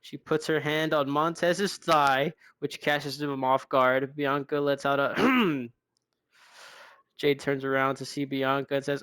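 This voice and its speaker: A young man narrating a wrestling video game in a brisk, wry, casual recap style, often sighing. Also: medium pitch, fairly even intonation, a bit bright, smooth, dry recording. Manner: brisk, wry, frequent sighs. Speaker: game commentator.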